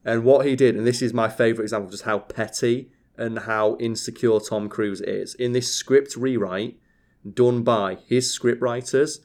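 A man's voice: mid-range voice, normal speed. Ranting man, casual podcast chat. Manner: animated, swearing, ranting storyteller. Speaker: podcast co-host.

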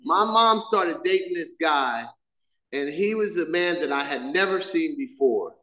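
Middle-aged man telling his story at a meeting, lively and vivid, acts out the scenes, fairly high pitch, echoey room. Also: unhurried. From Southern California. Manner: animated storyteller, acts out scenes with sound effects. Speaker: main speaker at a recovery meeting. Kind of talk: personal storytelling share.

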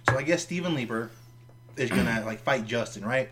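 A young man co-hosting a podcast, joking and swearing casually in relaxed chat. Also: medium pitch, fairly quick.

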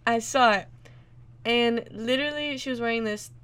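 A young woman co-hosts a casual chat podcast, her voice sitting a little high. She backs up her friend with frequent short agreements and interjections. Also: normal speed, fairly bright tone, clean tone. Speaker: podcast co-host.

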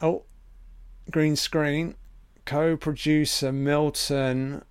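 A man's voice: mid-range voice, slow, clean tone, no echo. A man giving a profane, sarcastic film commentary, ranting in exasperation. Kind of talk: audio commentary rant.

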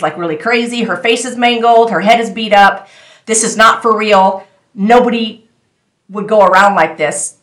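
A woman's voice: mid-range voice, fairly bright tone. Earnest woman telling a story, echoey room. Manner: earnest, insistent, repeats herself for emphasis. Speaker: testimony speaker. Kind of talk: personal testimony storytelling.

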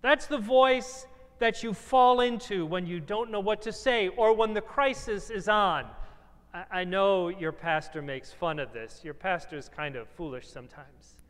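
A man preaching from the pulpit with a notably high voice, building his points through slow, emphatic repetition. The sound rings out with the long, trailing reverb of a large church sanctuary, as if he is taking on a biblical persona for the congregation. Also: fairly bright tone, smooth. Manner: measured, emphatic, repetitive phrasing. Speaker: pastor. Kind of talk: first-person dramatic sermon.

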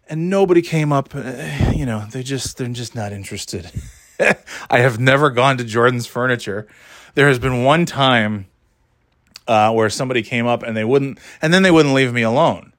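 A man's voice: medium pitch, normal speed, no echo, studio quality. A man telling a rambling, profane story in a casual, exasperated way, laughing as he goes.

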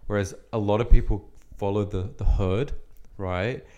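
A man's voice: on the low side, normal speed, mellow. A young Australian man from Western Sydney, co-hosting a casual podcast chat, voicing opinions while hedging against offense. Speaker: podcast co-host.

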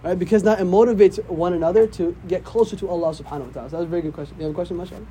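A man's voice: high voice, rapid-fire, mellow, a little hiss or hum. A man, an imam, teaching a casual religious class, often checking in with "right?". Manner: conversational, often asks "right?".

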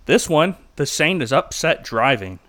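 A man, a minister, co-hosting a casual chat and recapping a movie with lively mimicry and frequent laughter. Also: fairly high pitch, a little slow. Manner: animated, mimics characters, laughs often. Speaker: podcast co-host.

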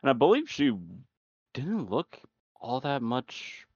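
A man's voice: medium pitch, big pitch swings, slow pace, no echo. A man hosting a casual podcast, speaking hesitantly with many fillers. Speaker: podcast host. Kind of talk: casual chat. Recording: dull, dry lo-fi sound.

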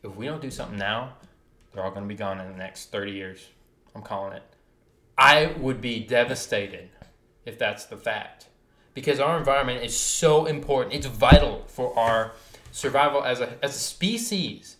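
A man holds forth on a casual podcast, his voice sitting at an ordinary middle pitch. He talks with fired-up, emphatic passion, pressing each point hard. The recording has a roomy echo around him. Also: normal speed, fairly bright tone. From United States. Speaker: podcast co-host.

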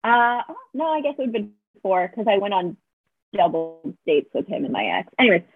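A young woman guest on a podcast, telling a story in casual chat, animated and quoting herself and others, laughing often. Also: mid-range voice, normal speed, faint music behind. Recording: dry, tinny phone-like sound.

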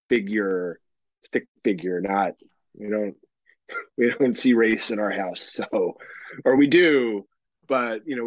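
Laughing, animated dad, dull dry sound. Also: male voice, mid-range voice, no echo. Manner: laughs often, swears casually, animated storytelling. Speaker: podcast co-host. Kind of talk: casual chat.

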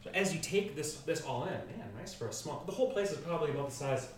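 Animated game master heard from afar. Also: male voice, a little high. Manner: animated, halting describer with many restarts. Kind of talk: narrating a tabletop game. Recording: roomy room, distant mic.

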